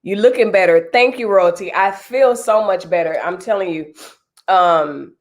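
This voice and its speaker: A woman's voice: fairly low pitch, normal speed, a little mellow. A woman in her thirties, stuffy and nasal from a cold, chatting casually with viewers on a live stream and greeting them by name.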